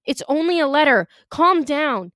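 A woman's voice: high voice, animated, moderate pace, dry recording, studio quality, voice pushed up. A woman voicing a panicked American teenage boy who pleads and stammers. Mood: pleading.

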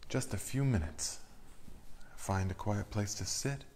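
Slow, low-voiced man guiding breathing. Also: a little hiss or hum. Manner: calm, slow counting instructions. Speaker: meditation leader. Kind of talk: guided breathing meditation.

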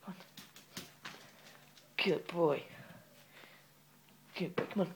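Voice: medium pitch, vocal fry. A teenager films a casual home vlog, wandering from thought to thought with plenty of hesitations. The talk keeps cutting away to short commands for the dog. A faint hiss sits under the voice. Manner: rambling, halting talk with many fillers, breaking off to give the dog short commands. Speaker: vlogger.

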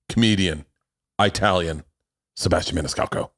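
A man's voice: low-pitched, brisk, vocal fry, fairly bright tone, no echo, studio quality. A man in his forties hosting a podcast, telling stories in a rambling, profane way and laughing at his own jokes. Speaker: podcast host. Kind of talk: casual storytelling chat.

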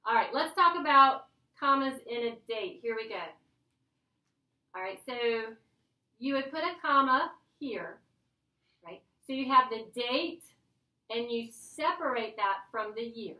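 Playful high-voiced woman teacher. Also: measured pace, long pauses. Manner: lively, playful, chatty teaching. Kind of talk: classroom grammar lesson. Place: classroom. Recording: echoey classroom from a distance.

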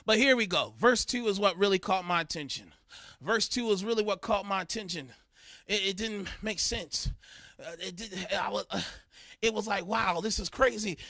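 A male pastor preaching a sermon with fervent energy, shouting and half-singing some lines and dropping to a murmur when finding Bible verses. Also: sits high, moderate pace, no room sound.

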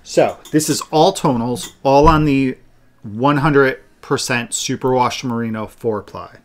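A man with a mid-range voice co-hosts a friendly craft podcast. He explains things in an easy, unhurried way. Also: medium pitch. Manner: relaxed and explanatory. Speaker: podcast co-host and yarn dyer. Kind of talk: casual podcast chat.

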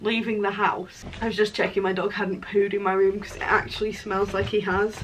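A woman's voice: mid-range voice, flat delivery, fairly quick, a little hiss or hum, low-quality recording. A young woman talking casually in a crafting vlog, chatty and joking with self-mocking asides. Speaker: crafting vlogger.

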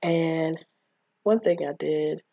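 A woman's voice: deep voice, slow, gravelly, mellow, no echo, muffled recording. A woman casually retelling a childhood movie, chatting and acting out the characters' lines. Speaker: movie recapper.

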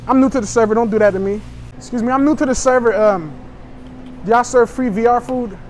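High-voiced brash young man pranking. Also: fairly quick, darkish tone, a little hiss or hum. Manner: brash, joking, provocative. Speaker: prank vlogger. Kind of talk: public prank chatter. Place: inside a store.

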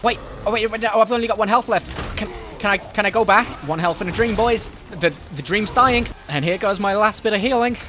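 A man giving joking, excitable commentary while playing a game, often shouting at enemies. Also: sits high, a little fast, hardly any pauses, background noise. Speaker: gaming YouTuber. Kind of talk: comedic let's-play commentary.

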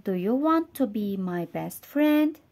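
A woman with a Turkish accent voicing a boastful male lion who calls himself king of the jungle, read slowly and carefully like a storybook. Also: mid-range voice, animated, a little mellow. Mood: friendly. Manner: slow, careful storybook reading.

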